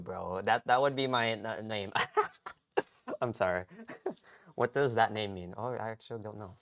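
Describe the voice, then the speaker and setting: There's a little hiss or hum as a young man from the US talks from his home garage on a live stream, his voice fairly low, his pace measured with long pauses. His casual chat rambles, with frequent restarts and repeated "okay?"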